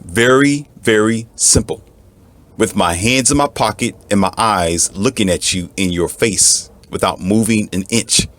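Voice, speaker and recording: A man's voice: fairly low pitch, unhurried, a bit bright. A man giving an emphatic, repetitive lecture as a relationship coach. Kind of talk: lecturing monologue.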